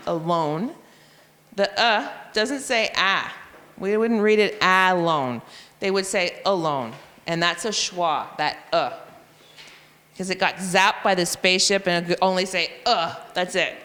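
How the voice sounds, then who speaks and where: Speaking with a forceful, bright tone at medium pitch, a woman leads fellow teachers through phonics lessons, sounding out letters and spellings along the way. She teaches reading, and this is a professional development session, captured with long hall reverb.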